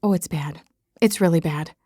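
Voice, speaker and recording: A woman's voice: very animated, normal speed, dry recording, studio quality. A woman voicing a flustered panicky young woman. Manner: high-strung, flustered exclamations. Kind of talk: audiobook dialogue reading.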